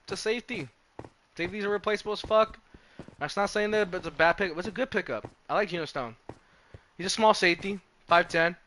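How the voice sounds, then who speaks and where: Young guy streaming, swearing a lot and rambling, kinda high bright voice, bit of hiss behind. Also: brisk. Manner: profane, rambling, self-interrupting. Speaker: live streamer. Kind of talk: casual live-stream chat about football.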